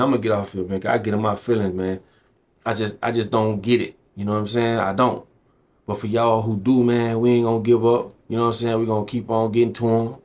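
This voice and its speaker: A fired-up vlogger, speaking straight to camera in a mid-pitched male voice. He preaches emphatically and slangily, hammering his points home and calling the listener bro and man. His tone is earnest and urgent throughout. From Belle Glade, Florida. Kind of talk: impassioned direct-to-camera commentary.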